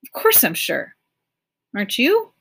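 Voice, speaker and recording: A woman's voice: medium pitch, wildly swooping pitch, unhurried, creaky, fairly bright tone, breathy edge, full character voice. A woman reading an audiobook voices a confident adult man who brushes off danger and speaks with dismissive certainty. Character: brisk, self-assured adult man planning a journey.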